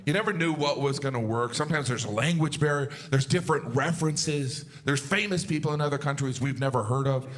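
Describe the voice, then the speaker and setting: A man's voice: brisk, hardly any pauses. A man performing a stand-up comedy routine, self-deprecating, acting out his own disbelief. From United States. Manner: animated, self-deprecating, jumps to high outraged acted-out voices.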